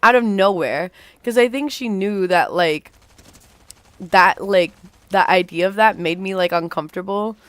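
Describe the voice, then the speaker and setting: A woman's voice: medium pitch, a little slow, smooth, no room sound. A young woman livestreaming a game, rambling through a storytime with lots of fillers and casual swearing. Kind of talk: rambling storytime while gaming.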